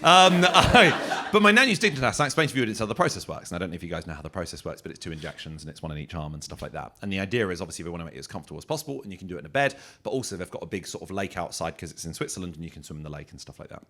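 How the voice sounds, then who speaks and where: Male comedian co-host from England, animated and bright, anecdotal live chat. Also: low-pitched, rapid-fire, hardly any pauses. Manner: anecdotal, self-deprecating, acts out quoted people. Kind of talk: live podcast storytelling chat. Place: small comedy venue with live audience.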